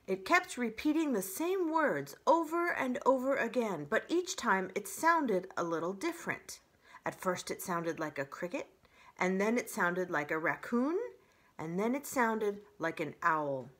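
A woman voicing an excitable owl who calls a meeting, announcing loudly and dramatically in a storybook reading. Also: medium pitch, a little slow. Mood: mysterious.

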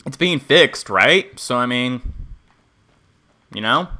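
A male game streamer rambling crudely to his viewers between jokes. His voice sits at a middling pitch and sounds bright and forceful. He talks loosely and swears freely. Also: animated, takes it slowly. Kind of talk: casual livestream gameplay commentary.

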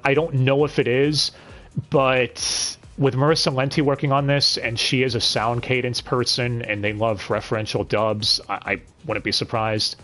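A man's voice: medium pitch, fairly bright tone. A man hosting a casual podcast review, blunt and swearing, with sudden bursts of disbelieving exclamation. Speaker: podcast host reviewing an anime dub.

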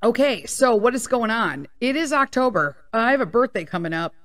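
A woman's voice: fairly high pitch, lively intonation, normal speed, a bit bright. Chatty, candid woman in her fifties. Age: 50s. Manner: candid and chatty, swears freely. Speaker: podcast host. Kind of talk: casual solo podcast chat. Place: small home studio. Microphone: studio microphone.

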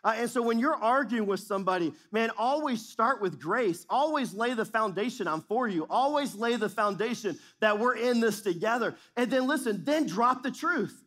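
A man with a high voice preaching to his congregation. He drives his points home through repetition, dropping low and quiet, then rising sharply when he presses a point. He sounds like a pastor in the middle of a sermon. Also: animated, moderate pace, hardly any pauses. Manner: preaching with emphatic repetition and shifting intensity.

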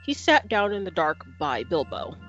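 Animated woman reading a storybook aloud. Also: on the low side, moderate pace, lo-fi sound, faint music behind. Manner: expressive, animated narration. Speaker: podcast host and reader.

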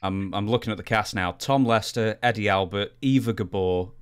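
A man's voice: lowish voice, steady tone, fairly quick, clean tone. A British man hosting an interview, polite and a little self-deprecating. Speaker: interviewer, podcast host. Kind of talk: casual interview.

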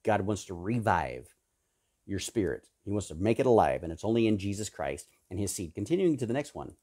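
A man preaching a sermon, fervent and emphatic, swinging between loud peaks and low hushed stretches, repeating and listing words for emphasis. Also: sing-song, a little fast, husky. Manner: repetitive, emphatic lists.

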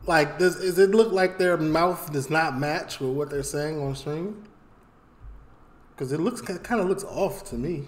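A man reacting live on stream, excitable and chatting to his viewers. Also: fairly high pitch, unhurried. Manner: excitable, laughing, talks to chat.

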